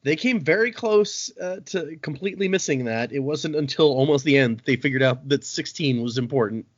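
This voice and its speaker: A man's voice: fairly high pitch, brisk. A man hosting a podcast, retelling a book's plot in casual chat and acting out the quotes as he goes. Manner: animated, laughing, acts out quotes. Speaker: podcast host. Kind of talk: casual book-club chat, retelling a story. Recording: dull lo-fi podcast audio.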